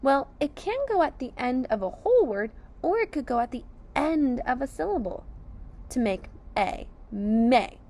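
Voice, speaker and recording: A woman teaching young children sight words and compound words, sounding out each part slowly and clearly with encouraging praise. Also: sits high, sing-song, darkish tone. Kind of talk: sight word and phonics lesson for young children.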